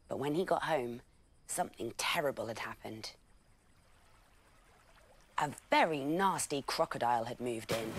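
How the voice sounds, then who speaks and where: A woman presenting a bedtime story for children, reading it aloud gently and expressively. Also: very deep voice, expressive, unhurried, pauses often.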